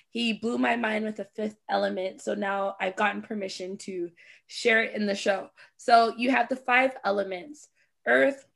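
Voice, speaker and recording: A Canadian woman hosting a casual podcast interview, lively and slangy, laughing often. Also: mid-range voice, vocal fry. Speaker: podcast host.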